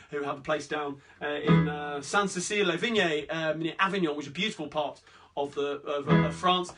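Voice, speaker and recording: A man with a Cockney accent chatting between songs as the host of a live-streamed sing-along, rambling cheerfully through requests and shout-outs. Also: sits high. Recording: distant mic with guitar playing.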